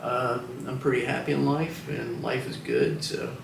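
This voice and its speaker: An older man in his seventies with a gravelly voice recalls his life slowly, full of pauses and restarts. He sounds a bit distant from the mic in a roomy space with faint ambience behind him. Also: mid-range voice, big pitch swings, slight background noise. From Washington, DC, United States. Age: 70s. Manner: hesitant, reflective, many fillers and restarts. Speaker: veteran interviewee. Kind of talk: oral history interview.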